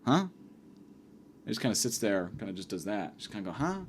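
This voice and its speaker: A man's voice: deep voice, fairly even intonation, very fast, a little hiss or hum. A man hosting a comedy podcast, telling stories in a profane, exasperated rant. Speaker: podcast host.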